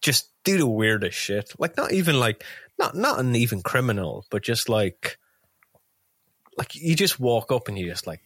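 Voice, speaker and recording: A man's voice: medium pitch, sing-song, normal speed, a bit bright, breathy edge, dry recording. A man co-hosts a podcast in an easygoing, rambling way, dropping swear words as he talks. His voice sits in a middle register. The sound is dry and close, with no room around it. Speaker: podcast co-host. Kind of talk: casual film podcast chat.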